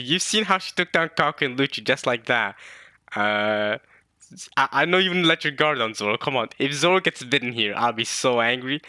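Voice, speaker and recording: A man casually reading a manga chapter aloud and reacting to it, excited and thinking out loud. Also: medium pitch, no echo, studio quality. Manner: excited, thinks aloud, reads lines in quick put-on voices.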